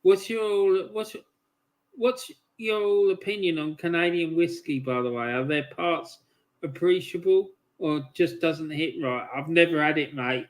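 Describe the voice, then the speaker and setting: A man co-hosting a football watch-along, relaxed and reading out viewer comments. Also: a little high, unhurried.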